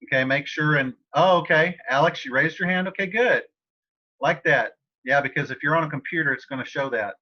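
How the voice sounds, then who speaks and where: Guy teaching spanish on a video call, bright voice, kinda muffled audio, easygoing and chatty with his students. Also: fairly high pitch, brisk. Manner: casual, encouraging, talks to students by name. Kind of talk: online class tutoring session. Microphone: computer mic on a video call.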